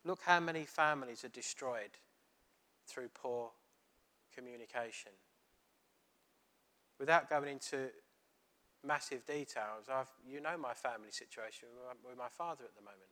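A man's voice: medium pitch, normal speed, long pauses. A middle-aged man giving a sermon, telling a story and acting out the dialogue. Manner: storytelling, animated, retelling dialogue. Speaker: preacher.

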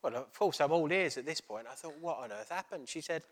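A man's voice: on the high side, fast, few pauses. A middle-aged man giving a sermon, telling a story and acting out the dialogue. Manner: storytelling, animated, retelling dialogue. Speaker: preacher.

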